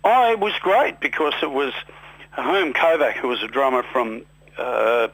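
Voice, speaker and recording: A man's voice: mid-range voice, measured pace, husky, no room sound, poor audio. An Australian man in his sixties, a musician guest telling rambling, self-deprecating stories in a radio interview. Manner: rambling, self-deprecating, animated when quoting others. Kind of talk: relaxed storytelling in a radio interview.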